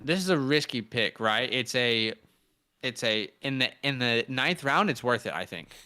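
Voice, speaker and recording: A man's voice: mid-range voice, expressive, normal speed, sharp tone, clean tone. A young man co-hosting a fantasy football mock draft, joking loosely and hyping up viewers. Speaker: fantasy football podcast co-host. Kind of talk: casual live mock-draft chat. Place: indoors, living in Sydney.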